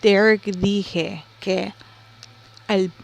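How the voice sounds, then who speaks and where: A woman's voice: medium pitch, steady tone, very slow, gravelly. Joking, swearing woman on a home stream. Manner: loud, joking, swears, drops Spanish slang. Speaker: streamer's co-host. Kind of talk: casual livestream chat.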